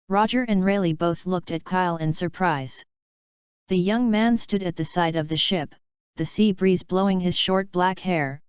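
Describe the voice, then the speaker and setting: A woman reading a fanfiction audiobook aloud in a steady, even narration. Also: fairly low pitch, clean tone, no echo, lo-fi sound. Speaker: audiobook reader. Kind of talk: scripted narration.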